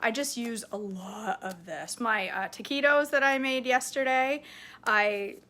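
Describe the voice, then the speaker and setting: A talkative woman in her forties walks through her shopping haul in a casual, rambling way. Her voice is bright and a little high. She laughs easily and drifts into side stories. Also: unhurried. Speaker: vlogger showing grocery haul. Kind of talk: casual chat.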